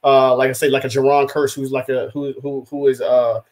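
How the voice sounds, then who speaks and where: A man's voice: mid-range voice, brisk. A man co-hosting a casual sports talk show, rambling and acting out quotes as he goes. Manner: rambling, animated, acts out quotes. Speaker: podcast co-host, rival team's fan.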